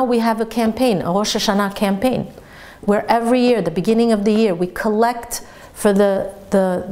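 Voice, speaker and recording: A woman teacher giving a sermon-style Torah lesson, telling stories lively and laughing along the way. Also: fairly high pitch.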